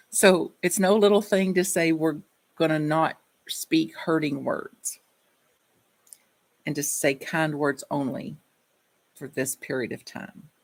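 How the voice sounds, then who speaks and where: A woman's voice: low voice, fairly even intonation, a little slow, vocal fry. A woman minister giving a reflective sermon, telling personal stories in a conversational way.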